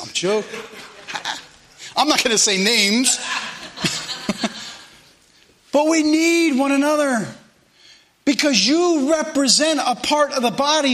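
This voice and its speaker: A man's voice: extremely high pitch, sharp tone. A man pastor, preaching a sermon in a church in an earnest, conversational way full of asides and repeated phrases. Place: church sanctuary.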